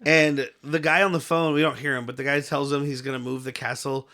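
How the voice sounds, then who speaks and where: A man co-hosting a casual bad-movie podcast, swearing and laughing as he recaps the plot. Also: medium pitch. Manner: fast, animated, swears, laughs a lot. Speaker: podcast co-host. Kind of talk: casual movie-review chat.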